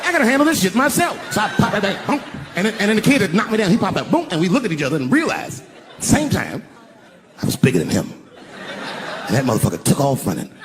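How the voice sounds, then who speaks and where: An older man doing a stand-up routine on a large arena stage into a handheld mic, telling a profane story in an animated way. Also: high-pitched, fast, pauses often, a faint crowd. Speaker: stand-up comedian. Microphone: handheld stage microphone. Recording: live recording with background noise.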